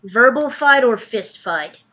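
A woman's voice: fairly high pitch, expressive, a bit bright, muffled recording, a little hiss or hum. A woman co-hosting a podcast, making dry, wry remarks in casual chat. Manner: dry, wry, unhurried quips. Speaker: podcast co-host.

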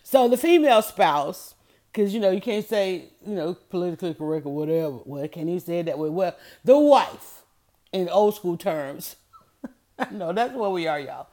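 A woman hosting a motivational podcast, telling stories with lively energy and repeating her key phrases to press a point. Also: lowish voice, moderate pace. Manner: lively storytelling, addresses listeners as y'all and honey. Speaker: podcast host.

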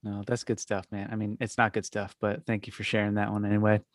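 A man's voice: lowish voice, completely flat delivery, fast, no room sound, studio quality. A man hosting a podcast in an easygoing, casual way and wrapping up the episode. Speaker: podcast host. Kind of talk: casual chat.

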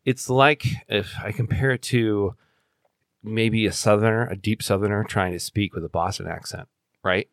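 A man's voice: fairly low pitch, steady tone, moderate pace, no echo, clean studio sound. A man co-hosting a casual podcast, joking and laughing often as he explains things.

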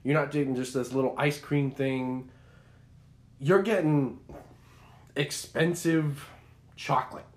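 A young man co-hosting a podcast, telling a story in an animated, rambling way with many restarts. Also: mid-range voice, a little slow, pauses often. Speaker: podcast co-host. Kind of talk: casual chat.

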